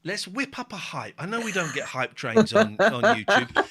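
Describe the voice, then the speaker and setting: Give me an excitable, joking man hosting a livestream. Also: high voice, normal speed, gravelly. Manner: excitable, jokey and sweary. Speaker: livestream host. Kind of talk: casual live commentary. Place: home living room.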